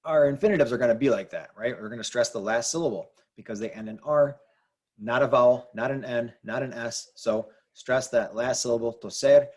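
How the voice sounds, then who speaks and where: Guy teacher walking through rules step by step, kinda husky voice, lots of ums. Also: medium pitch, fairly quick. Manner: patient, repetitive, filler-heavy explaining. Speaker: Spanish teacher. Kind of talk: classroom explanation.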